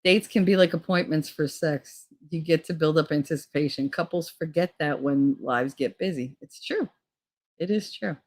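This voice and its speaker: A woman's voice: low voice, moderate pace. A woman hosting a casual livestream, telling frank, profane stories and reading out chat comments. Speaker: streamer host.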